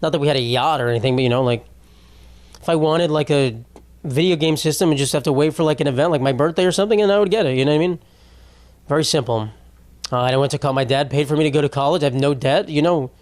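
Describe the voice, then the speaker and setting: Young guy ranting on his podcast, swears a lot, kinda high voice, super dry close sound. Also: fast talker, a little mellow, no room sound. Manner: profane, rambling, self-interrupting. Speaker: podcast host. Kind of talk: comedic monologue.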